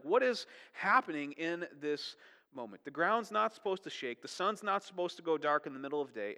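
A man's voice: on the high side, bright, forceful tone, long reverb tail. A man preaching a sermon in a chatty, conversational way, often checking in with "right?" and "okay?". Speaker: pastor.

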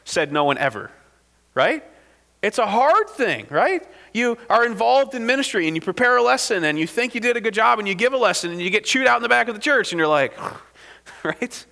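A man's voice: high voice, sing-song, a little fast, vocal fry, sharp tone, big-room sound. A man preaching a sermon as a pastor, in a conversational style with frequent "right?" asides to the congregation.

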